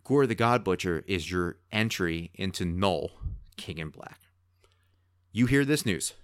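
A man co-hosting a podcast in casual chat, talking in an excitable, rambling way. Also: deep voice, measured pace, no room sound, studio quality. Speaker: podcast co-host.

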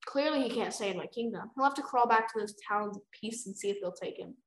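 A young woman co-hosting a podcast, reading a book aloud and breaking off into excited, animated reactions. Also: mid-range voice, quick pace, slight background noise. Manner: animated, bursts into exclaims and laughs. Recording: echoey room.

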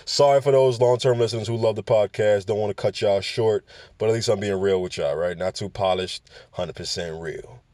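A man's voice: fairly low pitch, normal speed, darkish tone, no echo. A man hosting a casual podcast, talking straight to his listeners in a loose, profane, rambling way, often tripping over words and restarting. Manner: addresses listeners directly with questions. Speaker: podcast host. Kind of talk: casual cannabis business podcast.

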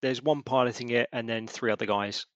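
A man narrating as game master of a tabletop role-playing game, halting and full of restarts. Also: mid-range voice, steady tone, dry recording. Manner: halting, lots of restarts and fillers.

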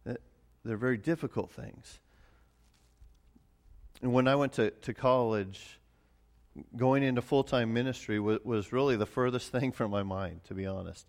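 A man's voice: mid-range voice, normal speed, pauses often, darkish tone. A middle-aged man preaching a sermon as pastor, earnest and often repeating words as he starts a phrase.

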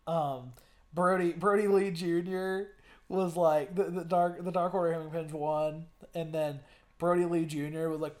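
A young man co-hosting a podcast in casual chat, excited and profane, stumbling and repeating his words as he talks. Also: on the high side, unhurried. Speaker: podcast co-host.

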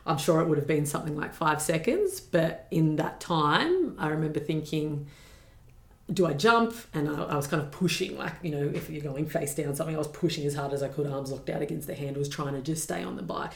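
Low, gravelly woman telling her story. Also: a little fast, hardly any pauses, roomy sound. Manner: earnest, reflective, with many fillers. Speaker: podcast guest. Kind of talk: personal storytelling.

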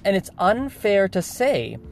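A man's voice: high-pitched, sing-song, a little slow, gravelly, slight background noise. Male vlogger, casual monologue, emphatic with lots of restarts. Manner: emphatic, repeats words, restarts often. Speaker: video host.

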